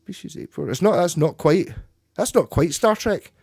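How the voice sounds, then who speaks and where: A man's voice: on the high side, expressive, moderate pace, gravelly, darkish tone, breathy edge, no echo, studio quality. Rambling man on a livestream. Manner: rambling, stop-start, chatty with frequent restarts. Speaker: livestream host. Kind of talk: casual livestream chat with viewers. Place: home room, playing guitar.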